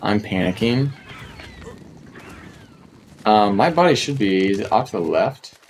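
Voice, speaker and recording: A man's voice: lowish voice, lively intonation, slow, slight background noise. A man from North America giving casual commentary as he streams a survival game, chatting to himself and to the creatures and often repeating words. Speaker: gaming streamer.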